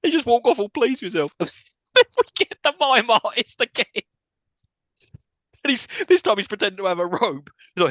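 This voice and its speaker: Bright, lively podcast man. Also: high-pitched, brisk, no echo. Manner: laughs often while recapping scenes, swearing. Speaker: podcast co-host. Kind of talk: casual film review chat.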